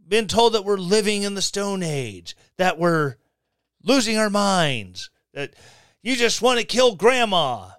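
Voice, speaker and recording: Guy hosting a podcast, high bouncy voice, sarcastic asides, dry close sound. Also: sing-song, slow, fairly bright tone, clean tone, no echo. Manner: sarcastic, reads articles aloud with mocking asides. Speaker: podcast host. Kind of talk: casual commentary.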